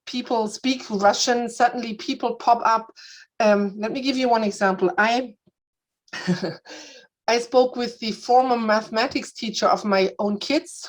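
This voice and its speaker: A woman's voice: medium pitch, rough recording. Earnest woman giving a community update. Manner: earnest, with frequent restarts and fillers. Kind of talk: spoken update in a meeting. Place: Berlin, Germany.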